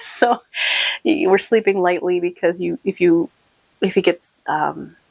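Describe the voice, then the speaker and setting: A podcast host who also runs a shop chats casually to camera on her own show, rambling a bit, full of fillers and laughter, and clearly short on sleep. Her voice sits low with fairly even intonation, a moderate pace, vocal fry and a darkish, slightly rough quality. The recording is dry and rough.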